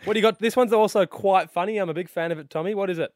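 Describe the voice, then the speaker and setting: A man with an Australian accent, co-hosting a radio show with playful, animated banter. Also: high voice, rapid-fire, background noise. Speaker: radio co-host.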